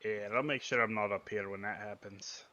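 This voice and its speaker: Laid-back folksy man with a bright voice. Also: lowish voice, steady tone, normal speed. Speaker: player. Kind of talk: role-playing his character in a tabletop game. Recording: dull, lo-fi mic.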